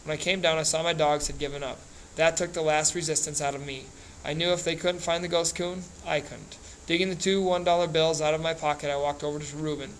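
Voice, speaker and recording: A man reading a novel aloud in a plain, steady way, with small slips and restarts. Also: fairly high pitch, brisk, slight background noise, rough recording. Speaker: reader.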